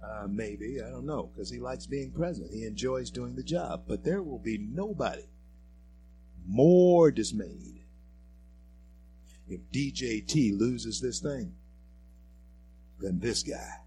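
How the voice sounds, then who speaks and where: Male radio host, preachy and emphatic, takes his time, middle pitch. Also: animated, slow, pauses often, dark tone, slight background noise. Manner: emphatic, preachy, addresses listeners as folks and friends. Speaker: radio talk show host. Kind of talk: political talk radio commentary.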